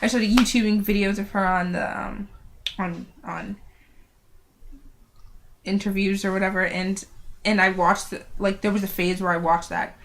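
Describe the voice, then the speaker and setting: Rambling teenage girl with a gravelly edge. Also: mid-range voice, steady tone, a little hiss or hum. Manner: halting, rambling, often trails off quietly. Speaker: vlogger. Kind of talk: casual rambling vlog. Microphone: built-in camera mic.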